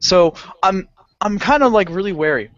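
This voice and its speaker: A man's voice: high voice, normal speed, no echo. A man spins a story on a podcast in a raised voice that swings up and down. He laughs and swears through it and acts out the other people's voices. The audio is dull and lo-fi. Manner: animated, swearing, laughing often, acting out voices. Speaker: podcast co-host telling a story. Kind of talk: casual storytelling chat.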